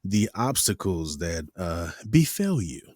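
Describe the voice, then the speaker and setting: A man with a low-sitting voice speaks slowly in a dry recording, hosting a casual interview about voice-over work. Animated throughout, he acts out quoted studio dialogue using different voices.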